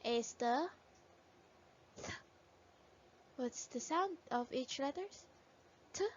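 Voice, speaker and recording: A woman teacher patiently sounding out letters and words in a phonics lesson for young children. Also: a little high. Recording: dull lo-fi recording.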